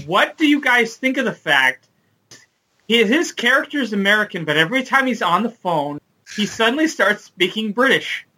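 A man on a film podcast, excitable and quick to jump in during casual chat. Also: sits high. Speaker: podcast co-host.

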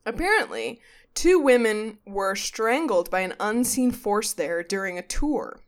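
A woman hosting a podcast in loose, comic conversation, animated and quick to act out quotes. Her voice sits a little high, and she swears freely. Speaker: podcast host. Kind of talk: casual comedic chat recapping a ghost show.

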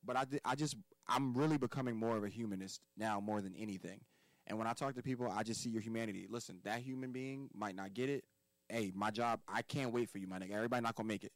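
A man's voice: fairly low pitch, fast talker, dry recording, poor audio. A man from Philadelphia, a podcast guest giving life advice in casual conversation, emphatic and profane, hammering points home by repeating words.

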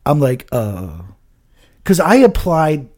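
Casual podcast host, male, animated delivery, rambling storyteller, swears freely. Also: medium pitch, moderate pace. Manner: rambling, swears a lot, trails off with "I don't know". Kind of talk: casual chat.

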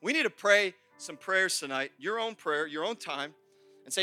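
High bright-voiced passionate young male preacher. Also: fairly quick, soft background music. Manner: passionate, swings from shouting praise to quiet confession. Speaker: pastor. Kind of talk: sermon. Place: church service.

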